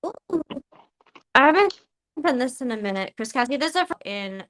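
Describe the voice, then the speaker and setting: A woman's voice: high voice, sing-song, normal speed, a bit bright, a little hiss or hum. A woman hosting a live podcast, chatting casually in a rambling, emotional, giggly way. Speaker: podcast host.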